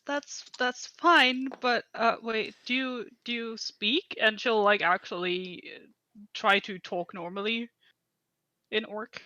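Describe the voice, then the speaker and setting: Female player, higher voice, close dry sound. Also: steady tone, slow, sharp tone, no echo, muffled recording. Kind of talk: casual tabletop play.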